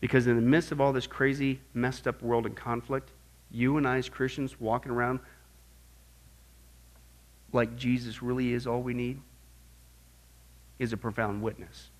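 A middle-aged man teaching a Bible class in an animated sermon style, swinging from quiet asides to loud exclamations. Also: mid-range voice, normal speed, pauses often.

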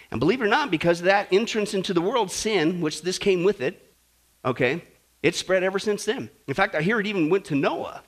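Male preacher, humorous sermon delivery, quizzes the congregation, sharp high tone. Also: animated, normal speed. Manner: conversational, asks listeners questions, jokes. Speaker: pastor.

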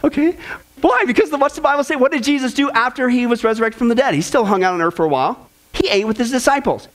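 A man's voice: very high voice, lively intonation, quick pace, a bit bright. A male pastor preaching a humorous sermon, firing off punchy lists and talking straight to the audience.

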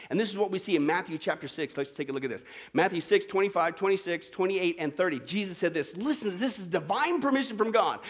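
A male pastor preaches with lively energy, breaking into playful put-on voices to make his point. His voice sits high for a man. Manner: animated, acts out voices and jokes. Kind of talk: sermon.

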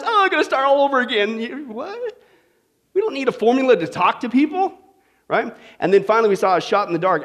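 A male pastor preaching a sermon, often asking his listeners rhetorical questions. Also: sits high. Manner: animated, asks the audience rhetorical questions.

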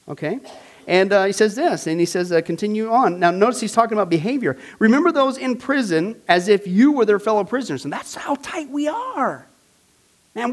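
A male pastor teaching a Bible study class, animated and emphatic, with exclamations and repeated phrases. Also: very high-pitched.

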